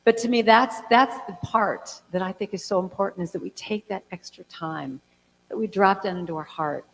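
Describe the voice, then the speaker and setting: A chatty woman in her sixties speaks to a congregation in a large church hall, at a medium pitch. She tells her stories with plenty of fillers and acts out little quotes. A long reverb from the hall trails after her words. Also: normal speed, vocal fry. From California. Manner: chatty, storytelling, lots of fillers and acted-out quotes. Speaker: guest speaker and singer. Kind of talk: casual talk to a congregation.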